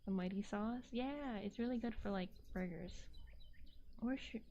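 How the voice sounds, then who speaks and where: A woman streamer in a soft-spoken ASMR chat, playful and giggly, slipping into whispers as she reads her chat aloud, on a binaural mic. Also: medium pitch, measured pace, lo-fi sound, a little hiss or hum. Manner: drifts into whispers.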